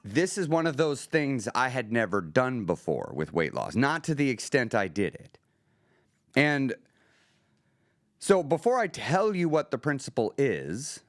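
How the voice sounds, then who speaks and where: A man's voice: medium pitch, no echo, clean studio sound. A man hosting his own weight loss podcast, speaking earnestly in a coaching tone with rhetorical questions. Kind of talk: motivational podcast monologue.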